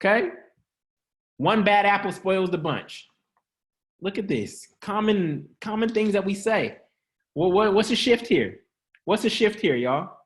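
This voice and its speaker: A man's voice: high-pitched, lively intonation, measured pace. A man hosting an upbeat motivational teaching session in a casual, slangy way, joking, laughing often and quizzing his listeners. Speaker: host of an online church-style teaching.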